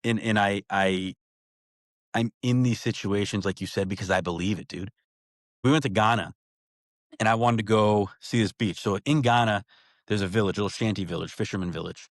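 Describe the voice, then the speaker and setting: A man talking as a podcast guest, telling stories in a casual, animated way full of slang like "bro" and "dude". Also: lowish voice, a little fast, dry recording, clean studio sound. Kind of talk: casual storytelling chat.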